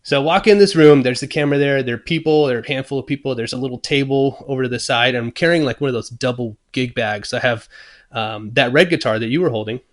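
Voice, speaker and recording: A man of middle pitch tells a story in relaxed interview talk. He acts out his own thoughts and what others said, with plenty of ums and restarts along the way. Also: quick pace. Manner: many fillers and restarts. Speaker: guest luthier. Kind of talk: casual storytelling.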